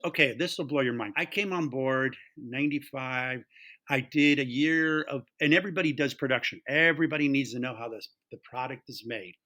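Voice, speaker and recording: Animated, bright-voiced storytelling man. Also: mid-range voice, a little fast. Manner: animated, acts out quoted voices. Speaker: guest, taproom owner. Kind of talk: casual storytelling.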